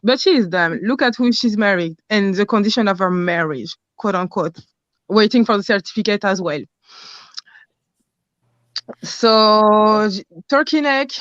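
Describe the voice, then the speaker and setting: A woman with a French accent, a caller speaking bluntly in casual chat, often pausing to search for English words. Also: medium pitch, fairly bright tone, no room sound, highs cut off.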